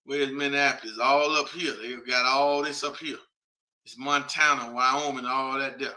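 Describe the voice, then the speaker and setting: A man's voice: medium pitch, fairly even intonation, moderate pace, pushed and bright. A man hosting a casual broadcast, thinking aloud and talking straight to his viewers in an informal, chatty way as he reads through a list. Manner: thinks aloud while reading a list off a map. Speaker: host.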